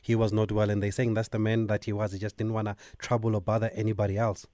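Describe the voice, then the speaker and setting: A man's voice: fairly low pitch, monotone, quick pace, warm tone, no echo, studio quality. A man hosting a radio interview, listening attentively and answering in short acknowledgements. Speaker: radio host.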